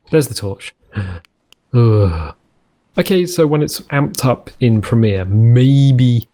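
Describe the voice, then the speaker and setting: A man's voice: medium pitch, warm tone. A man commenting on a survival game as host, rambling and jokey, often correcting himself as he goes. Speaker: let's play host. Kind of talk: gameplay commentary.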